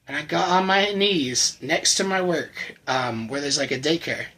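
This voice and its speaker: Husky man telling his story haltingly. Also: fairly high pitch, bright, forceful tone, poor audio. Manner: halting, candid, with many restarts and fillers. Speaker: channel host telling his recovery story. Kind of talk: personal testimony, casual storytelling.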